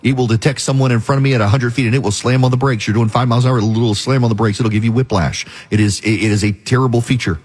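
A man hosts a talk radio show, arguing his opinions in a long, emphatic monologue. His voice is somewhat husky and sits at an ordinary middle pitch for a man. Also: steady tone, fast, hardly any pauses, darkish tone.

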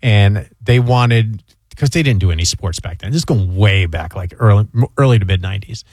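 A man's voice: lowish voice, moderate pace, a little mellow, no echo, clean studio sound. A middle-aged man from New York hosting a radio show, telling rambling self-deprecating stories in casual chat.

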